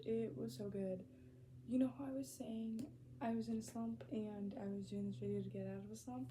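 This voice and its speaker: A young woman vlogging about books she has read, gushing and excitable, repeating herself and often dropping into whispers. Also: a little high, noisy background. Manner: lots of repetition and swearing. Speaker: book vlogger. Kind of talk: casual reading vlog.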